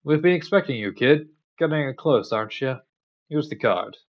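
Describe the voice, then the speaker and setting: A man voicing a bored, sassy male doorman for the gods, talking in a weary, deadpan drawl. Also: fairly high pitch, normal speed, muffled recording, voice pushed up, lightly acted.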